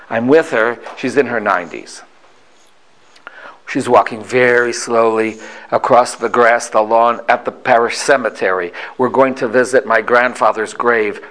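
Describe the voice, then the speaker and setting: A man in his sixties telling a family story in an animated way, full of dramatic pauses. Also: medium pitch, low-quality recording.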